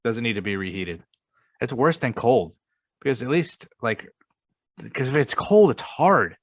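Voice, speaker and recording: A man's voice: mid-range voice, very animated, unhurried. A young man co-hosting a podcast in casual chat, blunt and argumentative, swearing often. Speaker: podcast co-host.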